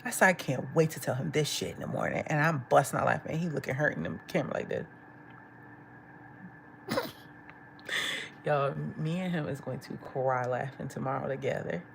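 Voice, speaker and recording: Woman vlogger, low and gravelly, animated storyteller who acts out quotes and laughs often. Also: moderate pace, pauses often, slight background noise. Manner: laughs often while talking. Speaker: livestream vlogger. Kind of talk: casual storytelling chat. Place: at home, eating.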